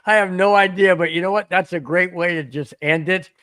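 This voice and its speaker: A man's voice: sits high, brisk, fairly bright tone, smooth. A man hosting a sports podcast in an earnest, casual way, often repeating and restarting his words. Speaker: podcast host. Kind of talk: casual live-stream chat.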